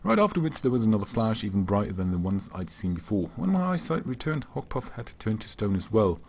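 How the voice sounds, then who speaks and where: A slightly hoarse man voicing a frightened young male village apprentice, breathless and pleading. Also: on the low side, big pitch swings, a little fast, a little mellow, slight background noise. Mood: anxious.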